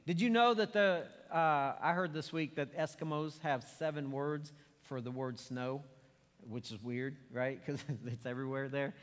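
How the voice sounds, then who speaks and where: A man's voice: a little high, normal speed, big-room sound. A middle-aged man preaching a sermon in a church, telling stories and acting out quotes in a conversational way. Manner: conversational storytelling with acted quotes. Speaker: pastor. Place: church sanctuary.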